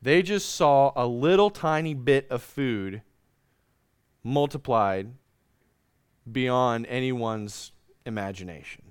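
A male pastor delivers a sermon in a smooth, resonant voice of middle pitch. He reads scripture aloud and prays earnestly. The recording is close and dry. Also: no echo. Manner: earnest preaching, slows and drops soft in prayer; reads scripture aloud in old-fashioned wording. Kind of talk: sermon with scripture reading and prayer.

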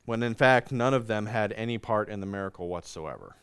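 A man's voice: on the low side, clean tone, no room sound. A man preaching a sermon, reading scripture aloud and leading an earnest prayer. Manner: earnest preaching, slows and drops soft in prayer; reads scripture aloud in old-fashioned wording. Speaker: pastor.

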